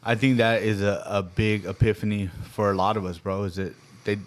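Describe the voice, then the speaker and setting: A man's voice: on the low side, little pitch movement, brisk. A man co-hosting a podcast, chatting in a casual, affirming way. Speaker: podcast host. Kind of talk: casual chat.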